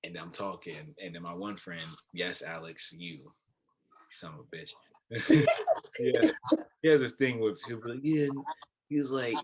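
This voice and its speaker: A young man co-hosting a podcast, telling stories in a low-key casual chat with a quiet voice. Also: a little slow, noisy background. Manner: low-key, storytelling with laughs. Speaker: podcast co-host.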